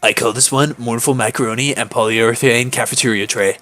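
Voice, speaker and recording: A man's voice: mid-range voice, steady tone, fairly quick, pushed and bright, faint music behind, pitched below the performer's own voice, close to an everyday voice. A man voicing a pompous young vampire photographer from a game, speaking in an artsy, self-serious way.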